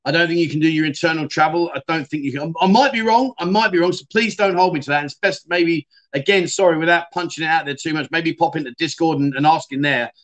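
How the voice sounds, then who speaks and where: Middle-aged man, livestream host, slightly high-pitched, casual and chatty with viewers. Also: steady tone, fast talker, few pauses, fairly bright tone. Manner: chatty, self-deprecating, calls viewers mate. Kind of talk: casual livestream chat reading comments.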